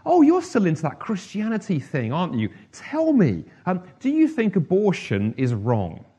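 A man voicing a nosy, skeptical friend in a café, teasing in an exaggerated high voice. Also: wildly swooping pitch, normal speed, warm tone, breathy edge, full character voice.

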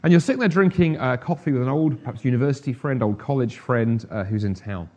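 A middle-aged man delivering a sermon in a relaxed, conversational manner. His voice sits in a mid-range pitch, and he breaks up his points with humorous asides. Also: fast, muffled recording. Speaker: preacher.

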